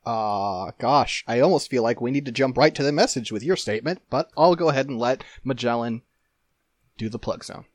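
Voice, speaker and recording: A man's voice: medium pitch, normal speed, no room sound. A man co-hosts a casual podcast in a wry, self-mocking tone. He often loses his thread partway through a sentence and laughs it off. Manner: wry, self-deprecating, trails off mid-sentence. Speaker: podcast co-host and editor. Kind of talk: casual chat.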